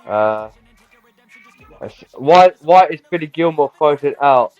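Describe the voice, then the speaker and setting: A man's voice: fairly high pitch, animated, slow, no echo. A man hosting a casual football livestream, talking hesitantly with many fillers. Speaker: host. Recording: dull dry stream with faint music.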